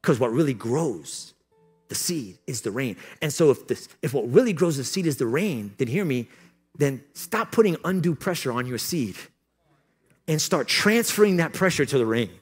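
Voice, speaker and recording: A male pastor preaches to a conference crowd in a mid-range voice. He slips into playful, joking asides, then builds to loud, impassioned calls. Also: mid-range voice, animated, normal speed, breathy edge, faint music behind. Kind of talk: sermon. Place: conference hall.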